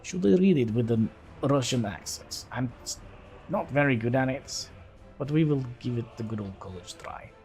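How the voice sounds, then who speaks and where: A man's voice: medium pitch, lively intonation, moderate pace, darkish tone, faint music behind. A man livestreaming a city-building game, talking casually and hesitantly as he thinks aloud. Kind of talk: casual gameplay commentary.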